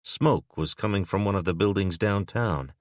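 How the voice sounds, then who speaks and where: A man narrating an audiobook in a steady, even manner. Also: sits low, normal speed, no room sound, clean studio sound. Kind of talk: scripted narration.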